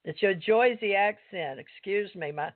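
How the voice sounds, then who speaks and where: A man's voice: sits high, a little slow, no echo. A man with a mountain Kentucky accent, hosting a casual phone conversation and jumping in often with questions. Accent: Southern US, mountain Kentucky. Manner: chatty, jumps in with questions. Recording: dry tinny phone line.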